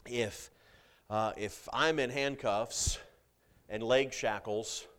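Slow, dynamic male preacher. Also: slight background noise. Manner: dynamic preaching with big swings in loudness and pitch, jokes with the congregation. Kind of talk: sermon.

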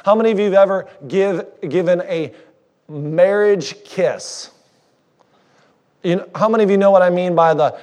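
A man's voice: fairly high pitch, a little mellow. A man preaching a sermon as a guest speaker, conversational and joking with the congregation, married fifteen years.

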